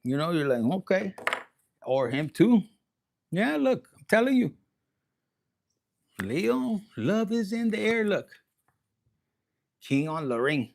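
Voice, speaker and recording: A man giving a casual livestream tarot reading, profane and animated, dropping into Spanish slang. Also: fairly high pitch, unhurried, vocal fry, long pauses, a little hiss or hum. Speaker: tarot reader.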